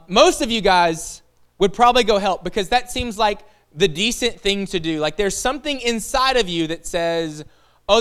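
A man's voice: high voice, fairly bright tone, smooth. A man in his thirties preaching a casual sermon to a live audience, telling a personal story in a chatty, self-deprecating way full of "like" and "listen".

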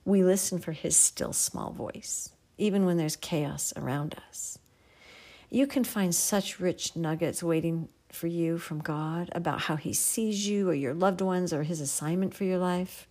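In a lowish, unhurried voice, a woman gives a gentle, earnest devotional Bible teaching. Now and then she drops to a near whisper for emphasis.

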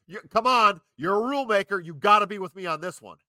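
Bright high-voiced man arguing sports. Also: expressive, fast, dry recording. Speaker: podcast co-host. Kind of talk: sports podcast banter.

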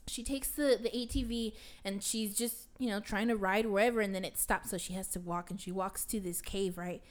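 A woman's voice: mid-range voice, steady tone, brisk. A young adult woman casually retelling a film to a friend, rambling with constant fillers and casual swearing. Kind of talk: casual chat.

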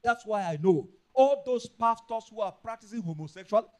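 A man with a Nigerian accent preaching a sermon, emphatic and repetitive, rising into loud bursts. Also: high-pitched, lively intonation, normal speed, hardly any pauses. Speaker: pastor.

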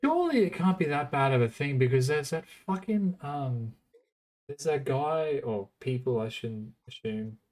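A man's voice: medium pitch, animated, moderate pace, darkish tone. A man co-hosting a podcast, bantering wryly and swearing in casual chat. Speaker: podcast co-host. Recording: podcast microphone.

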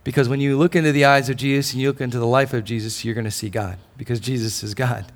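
A male pastor preaching a sermon, swinging between loud declarations and soft, close lines. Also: mid-range voice, fairly even intonation, fast.

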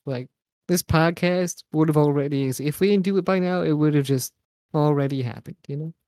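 A man's voice: a little high, fairly quick, darkish tone, no echo. A young man co-hosting a podcast, joking around in casual chat, swearing and laughing often. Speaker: podcast co-host.

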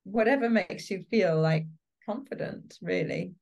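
A woman's voice: medium pitch, unhurried, creaky, muffled recording. A woman working as a casting director, talking animatedly as an interview guest and laughing often. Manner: animated, laughs often, acts out quoted reactions. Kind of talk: interview guest, casual conversation.

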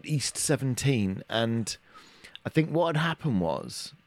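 A man's voice: mid-range voice, very animated, slow, dry recording. A middle-aged man co-hosting a podcast, rambling in casual chat with lots of restarts and hesitations. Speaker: podcast co-host.

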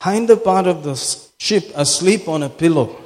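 A man's voice: on the high side, expressive, moderate pace. A man preaching a sermon as pastor, impassioned and repeating phrases for emphasis. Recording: echoey hall with long reverb.

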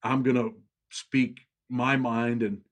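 A blunt, outspoken man hosts a casual podcast conversation. His voice sits in a middle pitch. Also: level tone, slow pace. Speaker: podcast host. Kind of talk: casual chat.

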